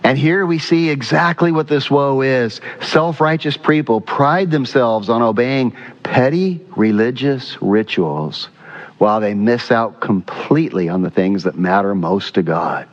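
A male pastor delivers a lively sermon in a church sanctuary, throwing questions to the congregation as he goes. His voice sits at an ordinary pitch, and the recording sounds slightly dull. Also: measured pace. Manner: animated, quizzes the congregation.

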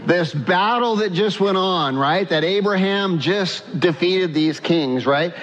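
A man's voice: high voice, takes it slowly, fairly bright tone, in a large hall, highs cut off. A man preaching a sermon in a conversational way, asking his congregation questions and repeating himself as he goes. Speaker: pastor.

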